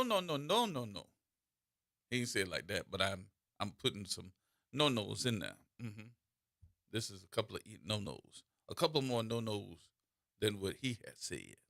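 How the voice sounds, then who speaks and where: A man hosting a call-in radio show, telling stories in an animated way with repeats and restarts, into a studio microphone. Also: lowish voice, normal speed, creaky, no room sound. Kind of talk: call-in talk radio monologue.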